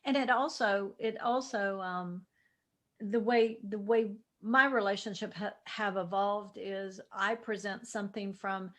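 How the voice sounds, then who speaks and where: A woman co-host in relaxed conversation. She nods along with steady "right"s, then puts her own thoughts in a measured, reflective way. Her voice is at a middling pitch. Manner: affirming listener, says "right" often. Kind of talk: casual spiritual chat.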